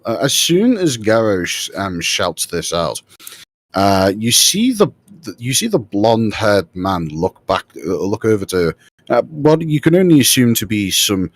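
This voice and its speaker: A man's voice: fairly low pitch, no room sound. A man narrating a tabletop game as game master, rambling with fillers and restarts.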